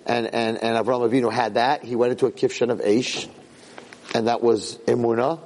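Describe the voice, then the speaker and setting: Middle-aged man, animated, emphatic storyteller. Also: medium pitch, a little fast, slight background noise, rough recording. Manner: animated, emphatic storyteller who repeats words and restarts phrases. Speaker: rabbi. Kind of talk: Torah lecture with personal storytelling.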